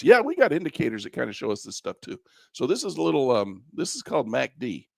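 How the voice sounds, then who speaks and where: Male instructor, gravelly and lively, folksy coaching tone, dry close recording. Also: medium pitch, a little fast, no room sound. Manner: folksy, repetitive coaching with chuckles. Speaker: trading instructor. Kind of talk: live screen-share trading class.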